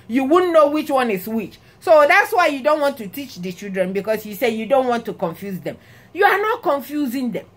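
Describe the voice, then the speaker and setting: A woman with a Nigerian accent chats straight to her viewers, her voice sitting high and bright. She tells her stories with lots of exclamations and bursts of laughter. The delivery is loose and conversational. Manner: animated, laughing, exclamatory storytelling. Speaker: vlogger. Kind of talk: casual talk to camera.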